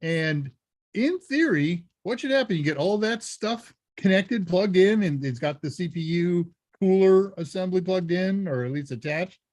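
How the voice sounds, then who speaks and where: A man hosts a casual live Q&A stream, chatting and joking as he reads viewer messages. His voice sits a little high for a man. The sound is dry and close, with no room echo. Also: expressive, measured pace, darkish tone. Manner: chatty, jokey, thinks aloud. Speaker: live Q&A host.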